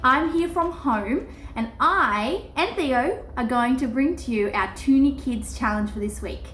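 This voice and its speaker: A woman's voice: high-pitched, expressive, a little slow, fairly bright tone, echoey room, slight background noise. An Australian woman presenting a children's church lesson from her home garage, playful and speaking to kids.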